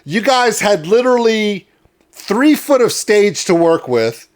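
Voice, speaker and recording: A high-voiced man hosting a casual interview. He talks with warm enthusiasm and rambles through a long story, piling praise on his guest. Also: sing-song, a little slow. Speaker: interview host.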